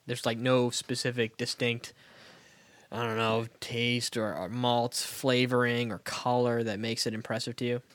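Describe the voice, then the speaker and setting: Male co-host, mid pitch, joking and teasing, dry close recording. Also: flat delivery, measured pace, a bit bright, dry recording. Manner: teasing, joking, crude banter. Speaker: podcast co-host. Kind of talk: casual chat.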